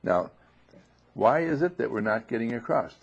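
A man giving an informal spoken teaching in a monastery dining room, often clearing his throat and asking rhetorical questions. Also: medium pitch, animated, moderate pace. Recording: dull lo-fi recording.

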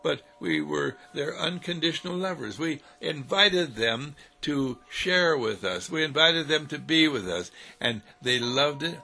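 A man's voice: a little high, expressive, a little slow, vocal fry, hardly any pauses, bright, forceful tone. A man giving an inspirational sermon with a repetitive, sing-song cadence, chuckling between phrases. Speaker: spiritual speaker. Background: faint music.

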